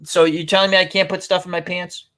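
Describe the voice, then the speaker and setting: A man's voice: high voice, level tone, quick pace, pushed and bright. A man hosting a casual online chat, rambling through funny stories with lots of giggles. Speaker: host.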